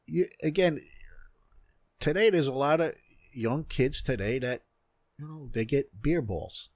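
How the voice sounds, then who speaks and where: A middle-aged martial arts instructor speaks as a podcast guest in blunt, plain terms. His voice sits a bit high for a man and the sound is dry and close. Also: measured pace, darkish tone, dry recording. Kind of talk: casual podcast chat.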